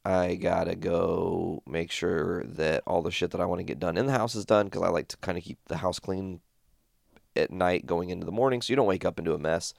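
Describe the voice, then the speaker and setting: A man's voice: low voice, brisk, creaky, dry recording, studio quality. A man casually telling a long story from home, rambling and swearing often as he retells what happened. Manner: profane, rambling, animated retelling. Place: home studio.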